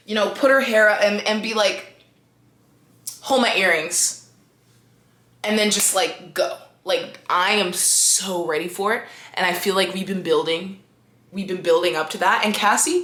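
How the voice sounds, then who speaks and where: A young woman chatting casually to camera about a TV episode, animated and slangy. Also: mid-range voice, roomy sound. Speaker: video creator reviewing a TV episode.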